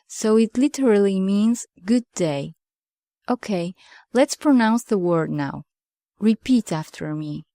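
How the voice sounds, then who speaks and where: A woman teaching a beginner language lesson, speaking slowly and carefully and modelling pronunciation for the listener to repeat. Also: medium pitch, animated, dark tone, no room sound, studio quality. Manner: slow, careful pronunciation drills. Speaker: French teacher.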